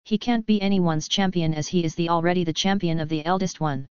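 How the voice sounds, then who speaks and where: A woman's voice: fairly low pitch, a little fast, a little mellow, smooth, dry recording, lightly acted. A woman voicing an ancient ghostly wolf god of the hunt who speaks in grand, formal pronouncements. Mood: solemn. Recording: dull lo-fi audio.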